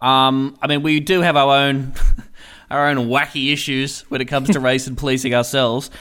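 A man's voice: mid-range voice, little pitch movement, moderate pace, a bit bright, clean tone. A man hosting a satirical comedy podcast, delivering sarcastic, mock-earnest commentary and chuckling through his jokes.

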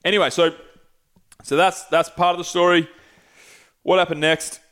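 Brief: young guy, lively storyteller, loose and profane, podcast host. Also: high voice, normal speed, clear, resonant tone. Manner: animated, swears freely, acts out quoted voices. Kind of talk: casual storytelling.

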